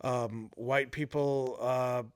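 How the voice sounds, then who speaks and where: A man co-hosting a podcast, talking casually in a halting way with many fillers and questioning asides. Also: mid-range voice, fairly even intonation, clear, resonant tone, dry recording, studio quality. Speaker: podcast co-host. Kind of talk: casual chat.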